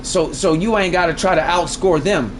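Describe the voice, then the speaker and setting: A man livestreaming a game, chatting casually in a boastful, profane, slangy way that gets loud when excited. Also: high-pitched, normal speed, slight background noise. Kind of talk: casual live-stream chat.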